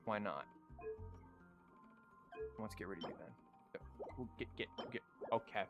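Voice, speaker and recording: A man's voice: lowish voice, lively intonation, unhurried, music in the background. A male streamer chatting casually on a livestream, rambling and stammering as he plays a card game and talks to chat.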